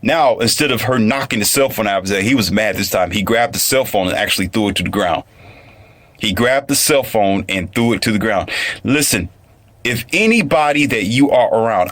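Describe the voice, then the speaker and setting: A man's voice: on the low side, a bit bright. A man giving a casual commentary monologue, rambling, repetitive and emphatic. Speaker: online commentator.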